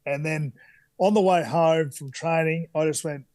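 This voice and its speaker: A thirtysomething Australian man with a slightly high voice speaks at a measured pace, with no echo. As a podcast guest in a casual interview, he tells candid, relaxed stories packed with fillers and restarts.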